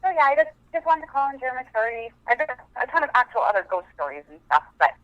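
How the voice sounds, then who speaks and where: A woman's voice: high-pitched, sing-song, fast, no room sound. A woman from Montana rambles through her story, heavy on fillers. She calls in on a phone line that sounds dull and lo-fi. The sound is dry. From Montana, USA. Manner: chatty, rambling with many fillers. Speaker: caller.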